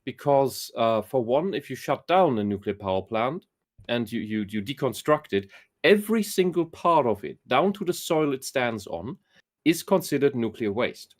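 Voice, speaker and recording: A man's voice: mid-range voice, sing-song, moderate pace. A man from Germany, a podcast guest who talks bluntly and opinionatedly and swears. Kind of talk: casual conversation.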